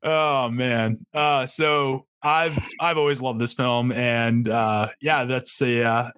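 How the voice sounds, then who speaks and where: A man's voice: mid-range voice, fairly even intonation, takes it slowly, fairly bright tone, clean tone, no room sound. A man hosting a casual podcast chat over a video call, laughing often and restarting his sentences. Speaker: podcast host running the draft.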